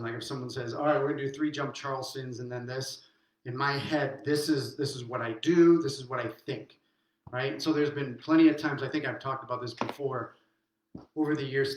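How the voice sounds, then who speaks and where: A middle-aged man teaching a swing dance lesson online, counting steps aloud while he dances, upbeat. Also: mid-range voice. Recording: very echoey room.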